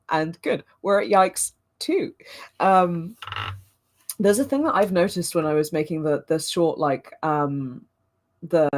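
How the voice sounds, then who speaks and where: A woman hosting a watch-along of her own old gameplay videos, chatting casually and mocking herself with frequent laughter. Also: low voice.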